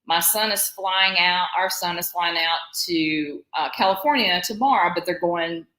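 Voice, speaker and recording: Her voice lowish, pushed, and bright, a Southern US woman in her forties talks at a moderate pace. She co-hosts a live stream in an echoey room, rambling casually and laughing often.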